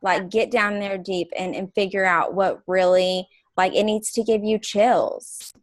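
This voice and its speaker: Energetic woman on a dry coaching call. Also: mid-range voice, measured pace, no echo. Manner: energetic, playful, emphatic pep talk. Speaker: call host.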